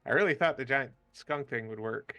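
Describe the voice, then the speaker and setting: A man's voice: mid-range voice, normal speed, bright, forceful tone, dry recording, natural voice. A man voicing his druid character in an offhand, casual way. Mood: wry. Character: druid player character, cheerful and modest.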